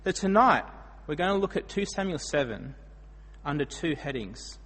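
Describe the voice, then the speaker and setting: An Australian man delivers a storytelling sermon, his voice husky and set a little high. He swings between loud emphatic bursts and quiet asides. The sound rings out in a hall with a long echo. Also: lively intonation, normal speed. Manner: storytelling, dramatic swings in loudness. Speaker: preacher.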